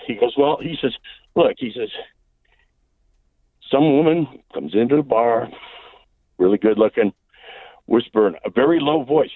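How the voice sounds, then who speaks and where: A man's voice: mid-range voice, no room sound. A man calling in to a radio talk show, telling a long rambling joke full of fillers and repeated "he says". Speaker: caller. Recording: phone line.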